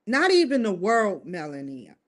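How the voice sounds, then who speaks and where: A woman's voice: mid-range voice, very animated, normal speed. A woman vlogging to camera in a casual monologue, musing and putting questions straight to her viewers. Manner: musing, addresses viewers directly with rhetorical questions.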